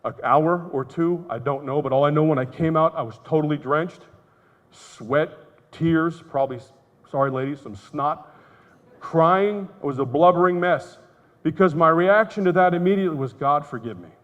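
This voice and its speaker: A man's voice: a little high, normal speed, a bit bright. A middle-aged man giving an earnest, emotional testimony as a conference speaker. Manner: earnest storytelling, candid and emotional. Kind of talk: testimony talk. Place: conference hall. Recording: muffled, reverberant hall sound.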